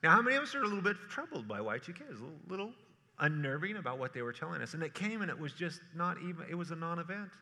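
A man preaching a sermon, telling stories with animated energy and acting out quotes in playful voices. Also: fairly high pitch, racing. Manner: animated storytelling, acts out quotes in funny voices. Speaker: pastor. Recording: reverberant hall.

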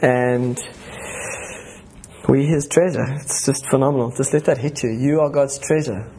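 A man's voice: medium pitch, fairly even intonation, measured pace, mellow. A man giving an informal, enthusiastic talk at a church gathering. He rambles, restarts his sentences and laughs between them.

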